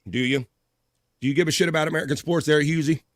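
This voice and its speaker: A man hosting a live stream in casual chat, reading viewer messages aloud with upbeat, profane shout-outs. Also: a little high, steady tone, fast, no room sound, clean studio sound.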